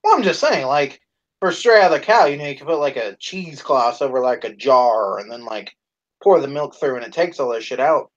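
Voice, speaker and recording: A man co-hosting a live stream in casual chat, swearing a lot, laughing and shouting out quoted lines. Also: medium pitch, animated, fairly quick, muffled recording. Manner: profane, laughing, acts out quoted lines loudly.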